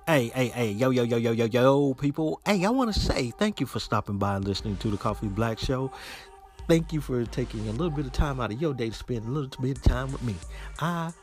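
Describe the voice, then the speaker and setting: A man's voice: medium pitch, lively intonation, fast talker, soft background music. A man hosting a podcast, telling a story in a casual, slangy, exasperated way. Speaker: podcast host.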